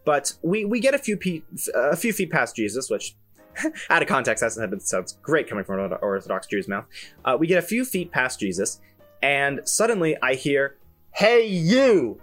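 A young man hosting a podcast, telling a story in an animated, self-amused way with lots of fillers and restarts. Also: mid-range voice, normal speed, soft background music. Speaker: podcast host. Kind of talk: casual solo storytelling.

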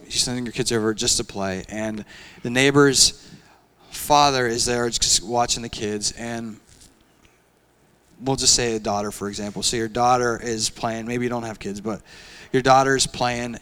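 A young man preaching a sermon in a conversational, animated way, often using casual fillers. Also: mid-range voice, smooth. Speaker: pastor.

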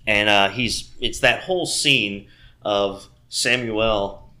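Man, podcast co-host, casual film chat, rambling, clears throat, bright tone. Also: fairly low pitch, slow. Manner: rambling retelling of movie scenes, frequent throat clearing.

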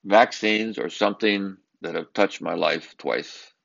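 An older man from Southern California with a very low, gravelly voice tells a personal story. He speaks earnestly and with emphasis, now and then stumbling over repeated words. The recording sounds a little dull and lo-fi. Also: a bit bright. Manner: earnest, emphatic, with halting repetitions.

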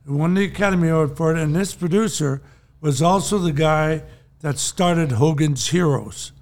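A man's voice: on the high side, moderate pace, a little mellow. An older man, a podcast co-host, telling long rambling anecdotes in casual chat and chuckling often.

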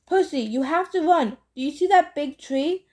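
A woman's voice: high-pitched, moderate pace, mellow, voice pushed up, natural voice. A woman reading aloud and voicing a frightened mother urging her son to run, tense and insistent. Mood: urgent. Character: fearful, protective mother.

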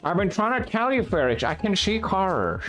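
Brief: man putting on a smug sing-song pet dog voice, pitched up. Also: sing-song, moderate pace, a bit bright, faint music behind. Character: the man's pet dog, smug and finally talking.

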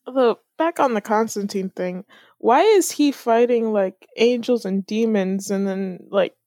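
A teenage girl chatting casually on a voice call, relaxed and teasing, laughing often. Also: mid-range voice, a little slow, dry recording. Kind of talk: casual chat.

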